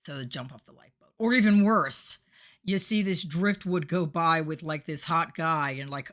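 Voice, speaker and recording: A woman's voice: low-pitched, moderate pace, fairly bright tone. A woman hosting a podcast, giving a motivational monologue and acting out the voices in her story. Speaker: podcast host. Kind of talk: motivational monologue on addiction recovery.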